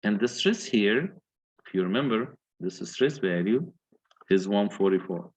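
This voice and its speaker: The recording is muffled, carrying a lowish, animated, breathy-edged voice at a measured pace. The man lectures on engineering, methodically stepping through calculations and questioning his students.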